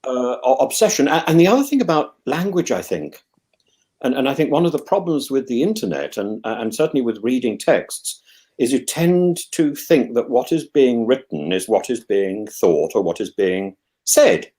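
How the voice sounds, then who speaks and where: An English man hosts a casual chat, thinking aloud in long discursive turns. He stumbles over repeated words and restarts his sentences often. His pitch swings widely as he talks. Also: lively intonation, normal speed, warm tone. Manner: rambling, with many restarts and stammered repeats; musing and discursive. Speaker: host.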